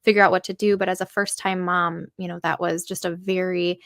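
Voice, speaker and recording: A woman's voice: fairly low pitch, level tone, brisk, a bit bright, no room sound, clean studio sound. A woman in her thirties, a podcast guest, telling a personal story earnestly, full of fillers and acted-out quotes.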